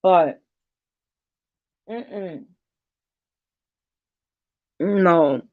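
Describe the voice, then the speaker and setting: A woman ranting bluntly to her viewers in a casual vlog, defiant and dropping quick apologies. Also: mid-range voice, dry recording. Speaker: vlogger. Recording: dull lo-fi dry sound.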